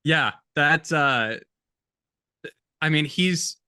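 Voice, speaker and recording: Man, film podcast co-host, bright tense tone, dry close sound, casual slangy chat. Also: a little high, very slow, clean tone, no room sound. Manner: laid-back, uses slang like bro and dude.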